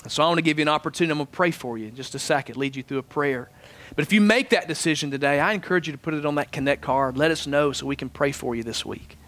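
A man preaching a sermon as pastor, animated in his stories and dropping soft and low for prayer. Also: very fast. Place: church sanctuary.

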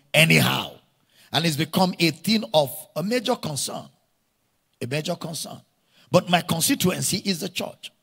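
A man's voice: sits high, vocal fry, a bit bright, breathy edge. A man with a Nigerian accent, preaching a sermon to a congregation, leading call-and-response and repeating key phrases for emphasis. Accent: Nigerian English. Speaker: pastor. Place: church hall. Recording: reverberant church hall.

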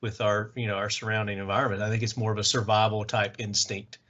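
A man with a Southern Tennessee accent hosting a casual podcast interview and asking relaxed follow-up questions. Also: fairly low pitch, quick pace. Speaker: podcast host. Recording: lo-fi dull audio.

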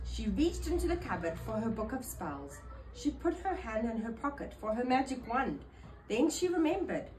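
Woman reading a kids story out loud, really animated, bit of hiss behind. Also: a little high, normal speed, rough recording. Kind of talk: reading a children's picture book aloud.

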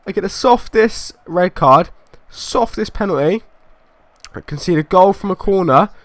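A man giving gameplay commentary as a video creator, ranting in exasperation with loud outbursts and swearing. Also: sits high, animated, measured pace, no room sound.

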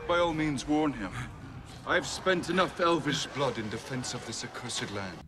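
A man's voice: mid-range voice, lively intonation, moderate pace, noisy background, close to an everyday voice. An actor playing a cold, disdainful elf king, heard as film audio played from a distance.

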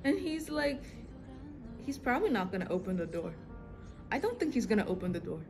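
A young woman casually reacting to a TV drama episode, excitable and slangy, laughing often. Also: mid-range voice, fairly quick, music in the background. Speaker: reaction video host.

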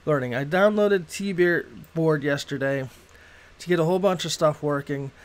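A middle-aged man from Boston talks loosely through a gaming livestream, his voice sitting a little high for a man. He rambles from thought to thought, with plenty of filler and cursing scattered throughout. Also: moderate pace. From Boston, USA. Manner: rambling, swears freely. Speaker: game streamer. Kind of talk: casual gaming livestream chat.

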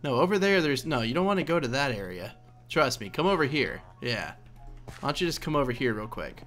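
A man's voice: mid-range voice, animated, fairly quick, a bit bright, faint music behind. A young man casually commenting on his own gameplay, rambling and laughing at himself as he goes. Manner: chatty, rambling, laughs at himself, coaxes in-game characters. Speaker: let's play host.

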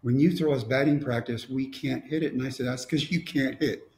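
Gravelly man telling a story. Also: medium pitch, fairly even intonation, fairly quick, a little mellow. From Texas. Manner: wry, storytelling with quoted dialogue. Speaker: motivational speaker. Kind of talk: storytelling talk. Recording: echoey room.

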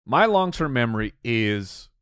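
A man's voice: mid-range voice, very animated, a little slow, a bit bright, clear, resonant tone, no room sound, studio quality. A man co-hosting a comedy podcast, chatting playfully in casual banter. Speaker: podcast co-host.

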